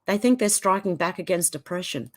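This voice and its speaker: A woman with an Australian accent, giving casual commentary and reading posts aloud. She sounds indignant and sarcastic. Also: lively intonation. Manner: indignant and sarcastic, quick swings in pitch. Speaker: commentary vlogger.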